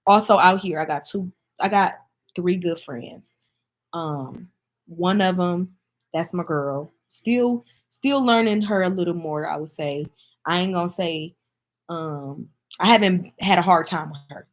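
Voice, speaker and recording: A woman's voice: on the low side, takes it slowly. A woman from Michigan chatting casually to camera as a vlogger, speaking in an emphatic, heartfelt way and addressing her viewers directly.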